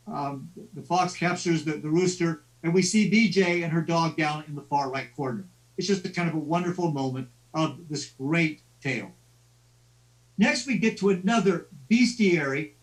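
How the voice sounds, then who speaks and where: A male lecturer talks through old tales in a loose, storytelling manner, often restarting his words. His voice is high for a man. He sounds distant from the mic on a live stream. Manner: conversational storytelling with stammered restarts. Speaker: lecturer on literature.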